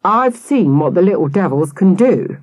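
A woman's voice: on the low side, animated, moderate pace, darkish tone, husky, no room sound, pitched above the performer's own voice. A woman reading a storybook, voicing a stern, suspicious adult policeman who speaks through gritted teeth. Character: menacing, gruff grown-up policeman.

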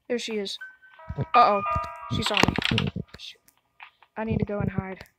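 A woman's voice: medium pitch, expressive, takes it slowly, loud music behind the voice, poor audio. A woman giving let's play commentary on a horror game, jumpy, gasping and talking back to the game. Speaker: gamer.

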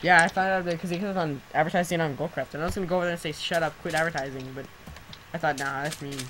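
A teenage boy chatting casually while gaming with a friend, excitable and quick to shout, his throat sore from screaming. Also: fairly high pitch, noisy background. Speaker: gameplay commentator. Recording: loud keyboard typing and clicks.

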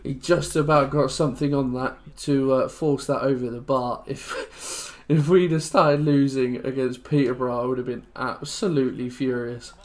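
A man's voice: medium pitch, moderate pace, hardly any pauses. Emotional young man commentating a football game. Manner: rambling, emotional, swings from glum mutters to excited shouts. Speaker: gaming YouTuber. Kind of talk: casual gameplay commentary.

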